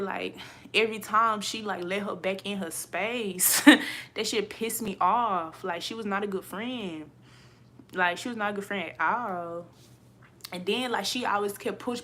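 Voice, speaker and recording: Blunt, profane woman ranting to camera. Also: medium pitch. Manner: blunt, profane, animated, laughs often. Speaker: vlogger. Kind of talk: casual rant to viewers.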